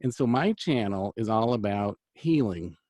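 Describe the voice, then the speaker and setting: This middle-aged man's voice sits on the low side, expressive and slightly mellow at a moderate pace, with no echo. A host, angel card reader and healer, he rambles earnestly through a long personal story in casual chat, restarting often and using lots of fillers.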